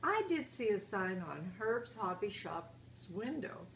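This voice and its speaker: A woman's voice: medium pitch, very animated, slow, gravelly, roomy sound, recorded from a distance, a little hiss or hum, full character voice, low-quality recording. A woman voicing a mild, matter-of-fact mother bear from a picture book.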